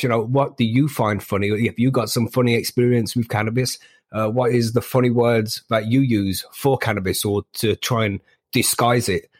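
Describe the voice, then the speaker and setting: A man's voice: mid-range voice, husky, dry recording. A man from the UK leaving a recorded message for a podcast and telling a casual story. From United Kingdom. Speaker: listener caller.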